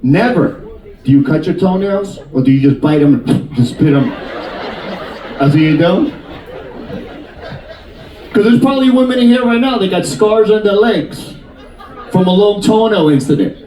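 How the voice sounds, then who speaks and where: A male stand-up comedian from Queens doing crowd work and animated storytelling on a cruise ship stage. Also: high-pitched. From Queens, New York. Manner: animated storyteller, quick shifts into character voices. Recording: echoey room, mic at a distance.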